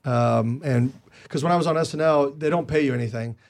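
A man as an interview guest, telling stories casually and with energy, jumping higher in pitch when he quotes others. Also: brisk. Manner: animated, jumps higher when quoting others; chatty with many restarts. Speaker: guest comedian.

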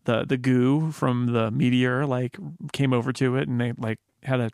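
A man co-hosting a casual film discussion podcast, rambling and joking with quick asides. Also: mid-range voice, fairly even intonation, a little mellow, smooth, no room sound, studio quality. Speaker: podcast co-host.

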